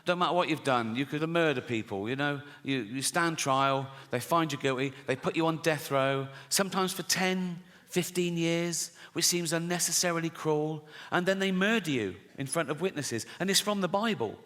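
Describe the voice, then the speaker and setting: A man performing a stand-up routine, chatty and profane, putting on quick voices for the people in his stories. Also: on the high side. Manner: conversational, swearing, acts out characters. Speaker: stand-up comedian. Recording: live stage mic in a large hall with loud audience ambience.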